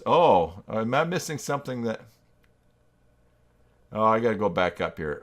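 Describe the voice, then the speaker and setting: Speaking at normal speed with an animated, somewhat bright voice on the low side, a man hosts a casual live stream while working. He talks through his thoughts, responds to viewers' messages, and adds self-deprecating asides.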